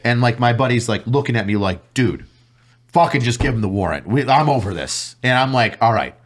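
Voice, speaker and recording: A man's voice: medium pitch, fairly quick. A man, a detective guest on a podcast, telling a work story casually, swearing and acting out both sides of conversations. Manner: animated, swears a lot, acts out dialogue in varied voices.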